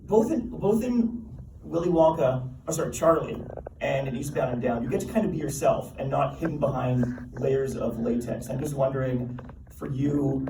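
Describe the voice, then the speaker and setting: A man's voice: medium pitch, moderate pace, vocal fry, background noise. A man moderating a convention panel, asking long, enthusiastic questions. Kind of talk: interview questions. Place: large convention hall. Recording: echoey hall, taped from far off.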